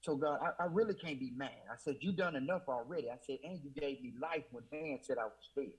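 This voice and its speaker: A man with a husky, medium-pitched voice speaks fairly quickly on a low-quality recording. As a guest, he gives an emotional, repetitive faith testimony in Southern US Black church speech, frequently saying "I said."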